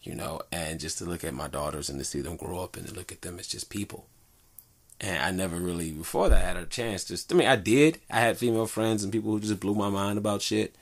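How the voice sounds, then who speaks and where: A man's voice: low voice, brisk. A man talking in a rambling, laid-back and profane way in a casual solo monologue, speaking as a father into a good microphone.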